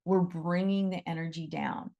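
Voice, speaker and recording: A middle-aged woman teaching a talk on animal reiki to her students, effusive and animated, often repeating her phrases. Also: lowish voice, moderate pace, creaky, highs cut off.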